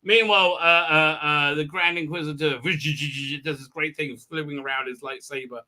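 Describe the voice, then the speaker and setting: A man's voice: a little high, steady tone, a little fast, sharp tone. A man hosting a live stream recap, talking crudely and rambling with many fillers and restarts. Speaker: live show host.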